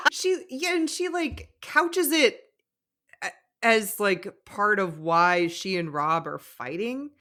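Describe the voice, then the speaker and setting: A woman's voice: fairly high pitch, lively intonation, takes it slowly, sharp tone. A woman co-hosting a podcast, giving opinionated commentary on a reality show with frequent giggles. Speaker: podcast co-host. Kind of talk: casual chat recapping a reality show.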